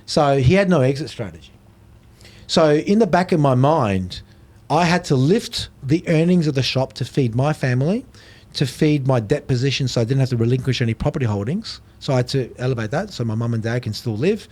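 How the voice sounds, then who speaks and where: A man's voice: medium pitch, brisk. A middle-aged man, a podcast guest telling stories in casual chat. He swears freely and acts out the voices of people in his stories. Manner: animated storyteller, swears, acts out quoted voices.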